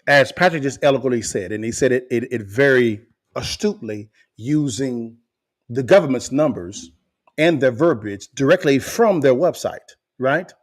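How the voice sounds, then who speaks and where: A man hosting a podcast, giving animated commentary to viewers and repeating phrases for emphasis. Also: medium pitch, normal speed. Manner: emphatic, repeats phrases, rises to near shouting. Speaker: podcast host.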